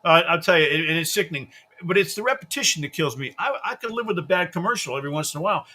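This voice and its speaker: High, bright-voiced ranting radio host. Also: male voice, lively intonation, racing. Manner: ranting, profane, mocking impressions. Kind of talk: casual radio chat.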